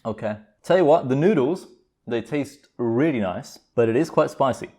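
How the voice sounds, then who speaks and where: A man's voice: mid-range voice, expressive, moderate pace, mellow. A man hosting a casual cooking vlog at home, rambling and exclaiming with self-mocking humor. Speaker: channel host. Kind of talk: casual vlog chat while cooking and eating.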